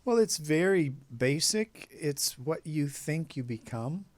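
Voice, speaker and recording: A man hosting an interview, backing up his guest with quick affirmations and talking about his own beliefs. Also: a little high, lively intonation, darkish tone. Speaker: interview host. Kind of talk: casual interview chat.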